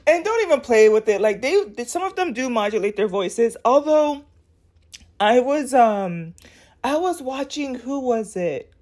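A woman's voice: on the high side, expressive, a little slow, a little mellow. A woman hosting a casual solo podcast, talking candidly and bluntly in a rambling way, with many filler words. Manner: blunt and sassy. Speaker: podcast host.

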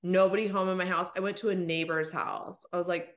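A woman's voice: lowish voice, steady tone, fairly quick. A woman in her thirties chatting as a podcast guest, filling her talk with "like" and acting out her own reactions. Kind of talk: casual chat. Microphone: computer recording, podcast mic.

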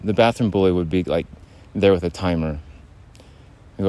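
A man's voice: low voice, normal speed, pauses often, mellow, dry recording. A man hosting a solo podcast, talking in a rambling way, restarting his sentences and laughing at himself. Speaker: podcast host.

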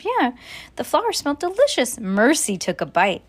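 A mother reads a children's chapter book aloud to her daughter, lively and affectionate, pausing often for chatty asides. Her voice sits fairly high and swings widely in pitch.

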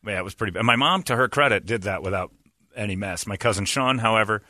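A man's voice: on the low side, quick pace, dry recording, clean studio sound. A man hosting a casual chat, telling road-trip stories with lots of laughter and acted-out voices. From West Virginia. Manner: animated storyteller, laughs often, acts out voices. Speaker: podcast host.

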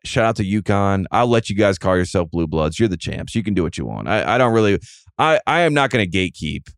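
A man's voice: low voice, very animated, fast talker, no echo, studio quality. A man hosting a casual sports podcast, rambling and self-mocking, with lots of fillers and restarts. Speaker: podcast host.

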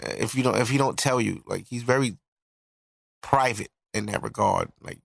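A man's voice: medium pitch, normal speed, vocal fry, no echo, clean studio sound. A man in his thirties, a podcast host, telling a personal story in a blunt, profane, reflective way. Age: 30s. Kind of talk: casual storytelling.

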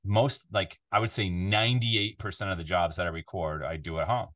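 A man's voice: deep voice, moderate pace. A Canadian man who works as a voiceover artist, chatting casually as a podcast guest from his home studio, rambling and restarting his sentences. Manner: rambling, restarts often, animated when telling stories. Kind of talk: casual interview chat. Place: home recording studio control room.

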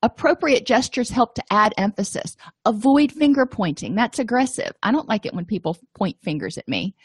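A woman's voice: on the high side, big pitch swings, moderate pace, slightly rough, no room sound, studio quality. A middle-aged woman teaching counseling skills in a conversational, matter-of-fact lecture with casual asides. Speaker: counseling instructor. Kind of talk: recorded lecture.

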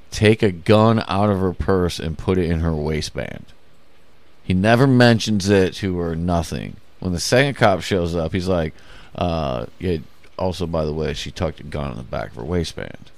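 A deep-voiced man co-hosting a podcast in casual chat. He tells his story plainly and matter-of-factly, with a dry, close sound and no room echo. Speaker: podcast co-host.

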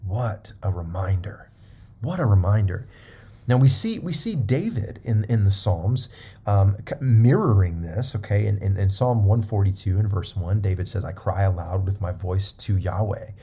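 A man's voice: lowish voice, animated, moderate pace, warm tone, slightly rough. A man preaching a sermon, emphatic and repetitive, often checking in with his listeners.

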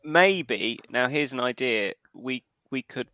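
A man's voice: mid-range voice, lively intonation, takes it slowly, sharp tone, dry recording. A British man who is a podcast guest, chatting playfully and tongue-in-cheek. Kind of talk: casual chat.

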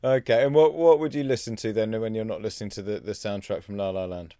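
A man's voice: fairly low pitch, fairly even intonation, quick pace, dark tone, clear, resonant tone, no room sound. A man hosting a podcast, teasing his guest playfully and laughing along. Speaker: podcast host. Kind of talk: casual chat.

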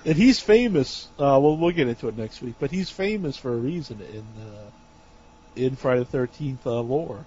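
A man co-hosting a podcast in casual chat, hesitant and filling pauses with uh. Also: mid-range voice, expressive, a little mellow, breathy edge. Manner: hesitant, many uh fillers. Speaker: podcast co-host. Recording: dull lo-fi podcast audio.

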